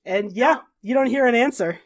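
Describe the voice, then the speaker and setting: A woman narrating a tabletop game as game master, swearing casually and slowing down for drama. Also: fairly high pitch, background noise. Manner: laughs while narrating, drawn-out dramatic pacing.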